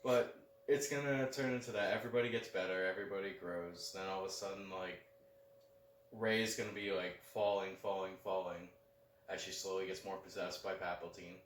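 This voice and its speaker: Low-voiced young man, loose podcast talk. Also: steady tone, a little fast, slight background noise. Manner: loose, heavy use of "like", confident predictions. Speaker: podcast co-host. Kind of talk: casual chat. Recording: roomy echo, mic at a distance, faint background.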